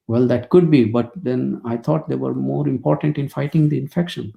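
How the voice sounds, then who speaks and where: Gravelly, mellow-toned man lecturing. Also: medium pitch, normal speed, few pauses. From India. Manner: anecdotal, wry, with frequent fillers. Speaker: immunology lecturer. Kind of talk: storytelling webinar lecture.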